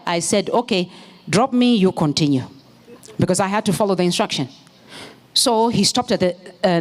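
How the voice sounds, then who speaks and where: A woman preaching a sermon in church, moving from storytelling into fervent, shouted exhortation. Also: mid-range voice. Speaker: pastor's wife preaching.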